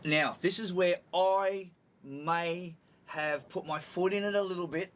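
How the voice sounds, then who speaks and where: A man's voice: sits high, unhurried. An older man with an Australian accent, co-hosting a casual chat and telling a rambling, exasperated story. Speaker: podcast co-host.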